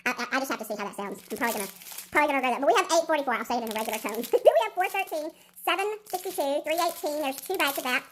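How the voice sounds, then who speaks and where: A woman's voice: high voice, animated, racing, a little hiss or hum. A woman chatting and counting aloud as she unboxes a craft kit, her voice sped up into chipmunk playback. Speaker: diamond painting vlogger. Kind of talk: casual unboxing chat.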